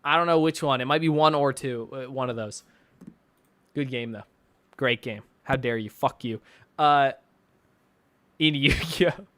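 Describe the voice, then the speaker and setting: A man's voice: medium pitch, fairly even intonation, normal speed, long pauses, fairly bright tone, dry recording. A young man casually chatting on a stream and reading donations, rambling and swearing with frequent laughs and fillers. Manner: rambling, profane, laughs often, many fillers.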